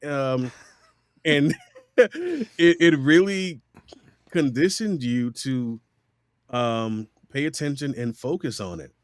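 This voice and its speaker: Brief: middle-aged male voice actor guest, animated storyteller, mid pitch, dry close sound. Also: slow, long pauses, dry recording. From Miami, USA. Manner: animated storyteller who acts out quoted voices. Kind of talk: casual interview storytelling.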